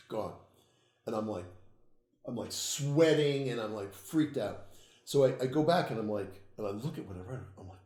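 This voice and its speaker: A man, an occult author, telling stories in a casual interview, swearing freely and getting animated. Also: mid-range voice, brisk, reverberant. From United States. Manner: profane, animated storytelling, laughs at own tales.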